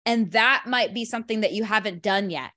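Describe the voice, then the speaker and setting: A woman's voice: medium pitch, fairly quick, pushed and bright. A woman coaching a group on a call, emphatic and chatty, leaning on "literally" and "like" and often restarting.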